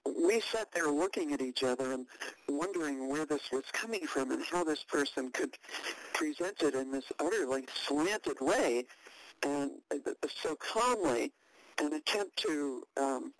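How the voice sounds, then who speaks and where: An older woman recounting a past event in an interview, halting and measured with many fillers and restarts, and a wry, dry understatement. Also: sits low, expressive, dry recording, rough recording.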